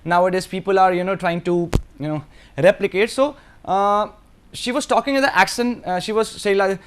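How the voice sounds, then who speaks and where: A man's voice: sits high, moderate pace. A man from Delhi with an Indian English accent, giving a course lecture to students in an earnest, repetitive way and now and then slipping into Hindi.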